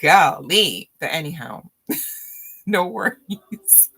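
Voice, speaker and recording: Slow-talking woman tarot reader, chatty. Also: sits low, fairly bright tone, a little hiss or hum. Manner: laughs often, teasing and chatty; slow, drawn-out speech with fillers. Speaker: tarot reader on a live stream. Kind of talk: casual live chat with viewers.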